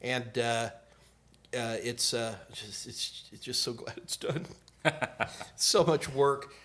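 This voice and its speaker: A man's voice: medium pitch, takes it slowly, fairly bright tone. A man in his sixties hosting a casual live Q&A about IT certifications, joking and trailing off mid-sentence. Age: 60s. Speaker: host, IT certification trainer.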